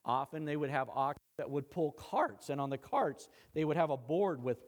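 A man's voice: a little high, expressive, normal speed. A male pastor preaching a sermon, dramatic and conversational, acting out quoted lines and making asides. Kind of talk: expository sermon.

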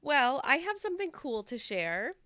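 A woman with a bright, clear voice recorded close and dry reads a listener's message aloud, breaking in with chatty, upbeat asides. Her voice sits a touch high. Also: very animated, normal speed, dry recording. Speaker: podcast co-host.

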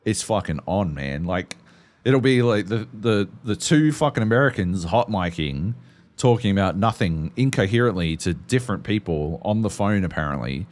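A man's voice: on the low side, animated, normal speed, a little mellow. A man, co-hosting a podcast, telling stories in a profane, rambling, casual way. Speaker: podcast co-host. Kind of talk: casual chat.

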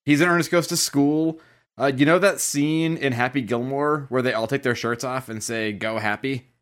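Animated, swearing male podcast co-host. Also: medium pitch, moderate pace. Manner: animated storyteller, swears freely. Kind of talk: casual podcast chat.

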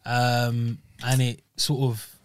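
A man, co-hosting a podcast in casual chat, talking in a measured, reasoning way. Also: medium pitch, monotone, noisy background. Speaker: podcast co-host.

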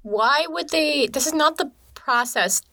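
A woman's voice: high-pitched, a little slow, sharp tone, no echo, studio quality. A young woman in casual chat, reacting to a story with blunt, wry comments. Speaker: podcast co-host.

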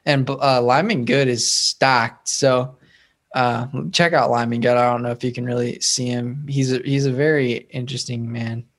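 Man in casual podcast chat, playful, slangy, mid-pitched. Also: steady tone, moderate pace. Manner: playful, hypes fighters with slang. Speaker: co-host making fight picks.

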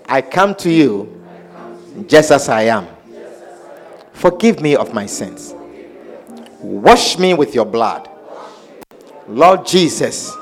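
A male preacher with a high voice, drawing out his words slowly as he pleads with the congregation. He repeats himself fervently, slips into tongues, and leads a repeat-after-me prayer. Soft instrumental music plays behind him. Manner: fervent, repetitive, speaks in tongues; leads call-and-response prayer. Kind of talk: altar call sermon.

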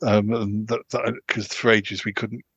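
Low-voiced man chatting haltingly. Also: level tone, a bit bright, husky, no echo. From United Kingdom. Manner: halting, many restarts and fillers. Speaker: podcast host. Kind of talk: casual podcast chat. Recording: dull, lo-fi sound.

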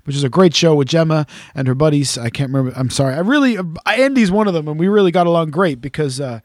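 A man's voice: fairly high pitch, expressive, quick pace, a little mellow, no echo, studio quality. A man hosting a podcast in casual chat, rambling, joking and swearing freely. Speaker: podcast host.

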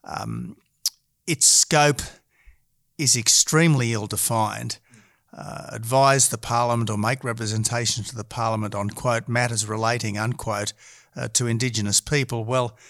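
A middle-aged Australian man, a politician being interviewed, who argues in a measured way and often hesitates. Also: mid-range voice, gravelly, fairly bright tone, no room sound, studio quality. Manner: measured and argumentative, frequent hesitations. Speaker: politician guest.

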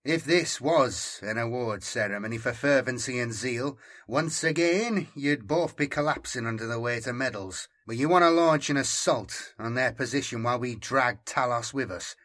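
A man voicing Sirian, a sardonic male veteran soldier who speaks in a wry, measured way in an audiobook reading. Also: medium pitch, a bit bright, close to an everyday voice.

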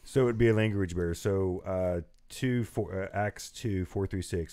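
Very deep-voiced man reading verses. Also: moderate pace, warm tone. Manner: reads verses aloud and comments on them. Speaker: podcast co-host. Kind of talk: casual chat, reading scripture aloud.

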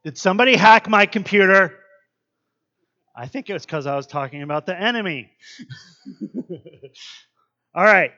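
A high-pitched man gives a relaxed devotional Bible teaching, talking in a chatty, earnest way with plenty of fillers. The recording sounds dull and lo-fi. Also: normal speed, long pauses.

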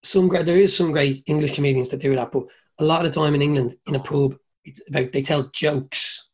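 Rambling Irish man, husky voice. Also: a little high, fairly even intonation, fairly quick, darkish tone. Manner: rambling storyteller, swears, mimics people. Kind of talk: casual chat.

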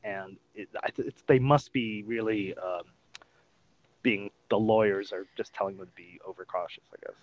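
A man's voice: lowish voice, fairly even intonation, moderate pace, muffled recording. A man co-hosting a podcast, chatting casually about a sitcom and often trailing off. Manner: chatty, trails off, laughs between remarks. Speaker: podcast co-host. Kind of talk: casual chat reviewing a sitcom episode.

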